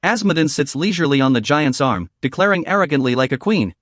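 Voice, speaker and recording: A man's voice: a little high, lively intonation, fast talker, fairly bright tone, no echo, clean studio sound. A man narrating a story recap in a scripted, dramatic storytelling voice.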